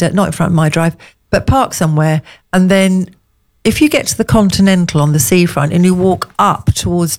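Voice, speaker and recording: A middle-aged woman from England spins a gushing, chatty story in easy conversation. Her voice sits fairly low for a woman. She talks like a radio co-host chatting with a friend on air. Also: a little mellow. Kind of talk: casual chat.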